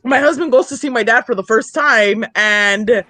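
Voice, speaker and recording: Woman, casual storytelling, animated, acts out quotes, high voice, dry close sound. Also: moderate pace, no echo. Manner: animated, acts out quotes with big pitch jumps. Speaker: friend telling a story.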